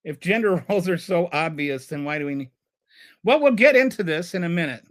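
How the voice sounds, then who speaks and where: A man's voice: on the high side, expressive, a little fast, fairly bright tone. A man hosting a live stream and ranting about politics. He is heated and sarcastic, and he stumbles and repeats words when he gets flustered.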